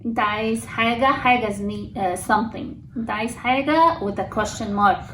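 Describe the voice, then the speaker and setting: A woman's voice: a little high, quick pace, fairly bright tone, slight background noise. A woman patiently teaching her husband simple phrases in a casual home lesson. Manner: patient, brief affirmations. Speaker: language teacher, wife. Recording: echoey room, distant mic.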